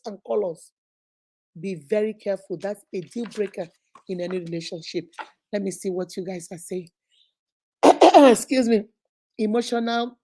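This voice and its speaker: A woman's voice: on the high side, warm tone. A middle-aged woman hosting a live relationship advice talk, emphatic and preachy, acting out little scenes as she speaks to viewers.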